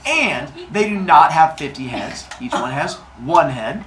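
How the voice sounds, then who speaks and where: A man's voice: on the high side, very animated, a little slow, fairly bright tone, slight background noise. A man teaching a class of children, retelling a myth in a playful, jokey way with silly sound effects. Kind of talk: storytelling lesson to children.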